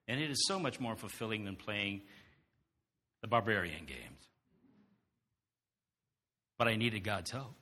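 A man preaching a sermon in an animated way, throwing rhetorical questions to the congregation. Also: lowish voice, a little slow, long pauses, in a large hall.

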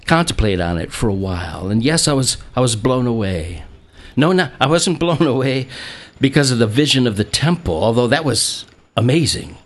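Animated man preaching a lively sermon. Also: moderate pace. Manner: animated, acts out quotes with a jumping pitch; stammering restarts, chuckles now and then. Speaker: pastor. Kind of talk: sermon with scripture reading.

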